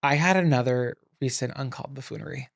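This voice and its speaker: A young man co-hosting a podcast, telling stories with animated, self-mocking drama. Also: medium pitch, fast, gravelly, dry recording, studio quality. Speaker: podcast co-host. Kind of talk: casual storytelling chat.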